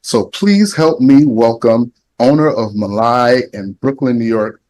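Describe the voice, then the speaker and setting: A man's voice: mid-range voice, measured pace, a little mellow, rough recording. A man hosting a live online event over a video call, effusive and upbeat, laughing often as he introduces guests. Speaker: event host.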